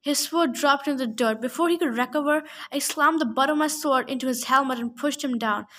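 Woman, high voice, reading aloud, steady, stumbles sometimes. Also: brisk. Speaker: reader.

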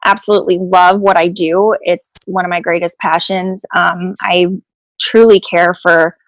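A woman's voice: lowish voice, level tone, measured pace, no echo. A cheerful young woman from Florida, a guest talking about herself on a podcast. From Tampa, Florida. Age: young adult. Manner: cheerful, laughs easily. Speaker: podcast guest, nurse practitioner. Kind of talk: podcast interview.

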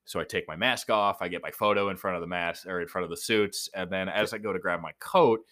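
A man's voice: sits low, fast, dry recording, studio quality. A young man chatting casually as a podcast guest, telling anecdotes and acting out the people in them. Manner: animated storyteller, acts out voices in anecdotes. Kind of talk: casual chat.

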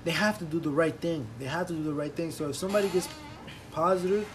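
A young man co-hosting a casual podcast chat, loud and laughing, who repeats his lines a lot. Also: on the high side, fast. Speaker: podcast co-host.

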